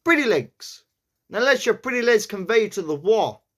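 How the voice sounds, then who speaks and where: A man's voice: high-pitched, very animated, normal speed, fairly bright tone, voice pushed up. A man voicing a brash male gangster in a put-on New York accent, stretching his vowels. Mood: swaggering. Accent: attempted New York.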